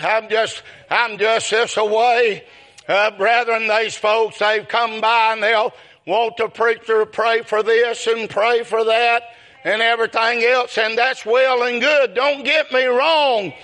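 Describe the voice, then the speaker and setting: High-voiced preacher with a bright tone. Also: male voice. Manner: calls out brethren and my friend often, breaking into shouted peaks; folksy storytelling with chuckles. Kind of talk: sermon.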